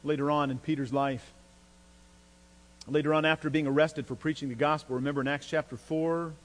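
A fairly high-voiced male pastor delivers an emphatic sermon, lifting his pitch and volume to press his points. The sound rings with a long hall reverb, and a faint mains hum runs underneath. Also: steady tone, a little fast.

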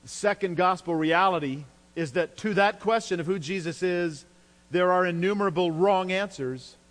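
A man preaching a sermon as a pastor, emphatic, his voice climbing in pitch and force when he drives a point home. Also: normal speed, a bit bright. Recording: long hall reverb with mains hum.

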